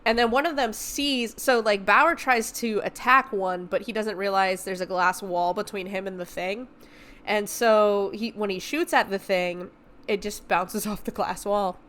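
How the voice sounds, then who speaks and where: Podcast host, young woman, bright tense tone, loose swearing movie recap. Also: medium pitch, a little slow. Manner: animated, profane retelling with filler words. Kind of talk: casual movie review recap.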